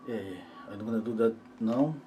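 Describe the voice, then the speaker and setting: Calm, musing male painting teacher. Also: lowish voice, a little hiss or hum. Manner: calm, musing, talks to himself while working, many pauses. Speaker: art teacher painting live. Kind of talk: thinking-aloud painting demonstration.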